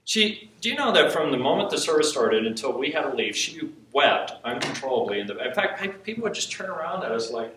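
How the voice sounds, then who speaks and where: A man preaching, telling a personal story with animated quotes and frequent laughs. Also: mid-range voice, brisk, hardly any pauses. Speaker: preacher teaching on intercession. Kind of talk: sermon storytelling. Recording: echoey hall from far off, faint hiss.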